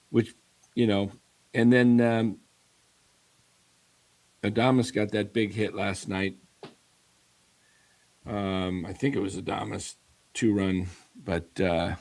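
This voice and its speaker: A man's voice: on the low side, creaky, darkish tone. A man hosting a casual sports talk stream, rambling animatedly with many fillers and restarts. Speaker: sports show host. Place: home studio in Arizona.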